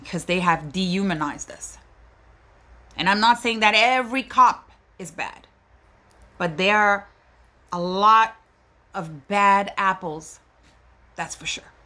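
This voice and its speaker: A woman speaks slowly and deliberately in a bright, forceful voice. Her monologue is impassioned and pleading, full of indignation as she addresses her listeners directly as a mother. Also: mid-range voice.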